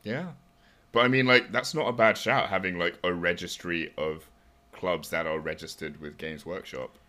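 A man's voice: deep voice, normal speed, sharp tone. A man hosting a casual podcast chat, talking with a sore throat and telling stories with easy laughter. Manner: laughs easily, tells stories. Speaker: podcast host.

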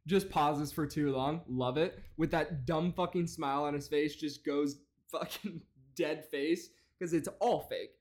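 Young male reactor: foul-mouthed, mocking, fast rants, slightly high voice. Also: a little mellow. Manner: profane, mocking, rapid-fire rants. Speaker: reaction commentator. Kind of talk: casual reaction commentary.

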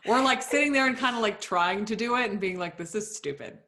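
A woman's voice: a little high, fast, bright, forceful tone. Woman host, friendly questioner, curious and supportive in casual talk. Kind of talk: casual interview chat.

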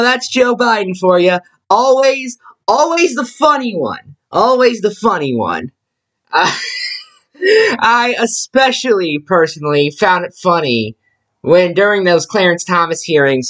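A young adult commentator in a sarcastic, ranting monologue. The pitch swings widely from low mutters to sudden high jumps, and the delivery stays mocking throughout. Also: fairly bright tone, low-quality recording. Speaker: political commentator.

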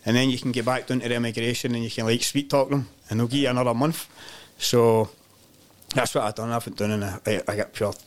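A Scottish man appears as a podcast guest, telling animated, sweary travel anecdotes in casual conversation and scattering "mate" and "man" throughout. His voice is medium in pitch and he talks at a quick pace.

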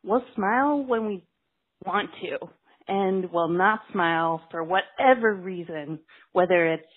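A woman with a husky voice speaks slowly and deliberately, dismissive and exasperated as she vents. The sound is narrow and tinny, like a voicemail left by phone. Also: medium pitch. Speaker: caller. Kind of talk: ranting voicemail.

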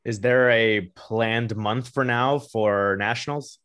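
A man's voice: medium pitch, fairly even intonation, takes it slowly, fairly bright tone, clear, resonant tone. A man co-hosting a casual podcast, chiming in with short teasing remarks. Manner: teasing, brief interjections.

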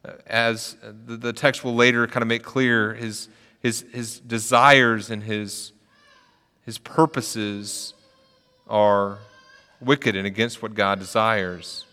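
A man's voice: lowish voice, fairly even intonation, slow pace, pushed and bright, smooth, in a large hall. A man preaching a sermon as a pastor, retelling a story and acting out its quotes.

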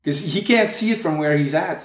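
A man co-hosting a podcast, telling lively anecdotes in a casual chat. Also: a little high, brisk. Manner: storytelling, lively anecdotes with quoted voices. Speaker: podcast co-host. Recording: echoey room.

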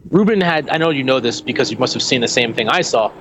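A man co-hosting a casual football podcast, talking in an animated, rambling way with many restarts. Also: medium pitch, fast, noisy background. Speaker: podcast co-host.

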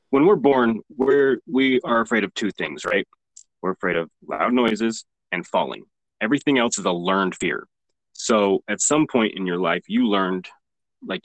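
A man's voice: on the low side, fairly bright tone, dry recording, rough recording. A man who is a father, speaking earnestly as a podcast guest, often repeating words as he gathers his thoughts. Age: adult parent of three. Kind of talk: casual podcast conversation.

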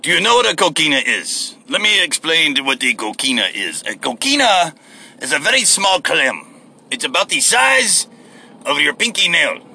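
A man's voice: a little high, lively intonation, vocal fry, sharp tone, husky, voice pushed up, full character voice. A man putting on a hammy fake-accent voice. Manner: hammy, goofy, drawn-out.

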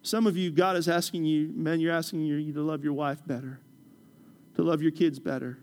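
A man pastor preaching a passionate sermon in a church, swinging from loud urgent calls to quiet prayer. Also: fairly high pitch, steady tone, brisk. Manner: impassioned preaching, rising loud then dropping soft.

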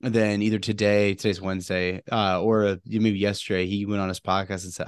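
A man's voice: fairly low pitch, flat delivery, fairly quick, hardly any pauses, clean tone, dry recording, clean studio sound. A man co-hosting a casual podcast, rambling and joking with frequent laughs. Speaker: podcast co-host. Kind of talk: casual chat.

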